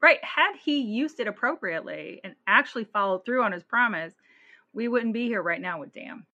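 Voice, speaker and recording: A woman co-hosting a podcast in casual chat, blunt and animated, laughing often and swearing freely. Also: on the high side, normal speed, lo-fi sound. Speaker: podcast co-host.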